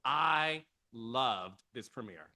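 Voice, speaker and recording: A middle-aged man hosting a podcast, giving casual, emotional commentary with dramatic pitch swings. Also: animated, extremely slow, sharp tone. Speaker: podcast host.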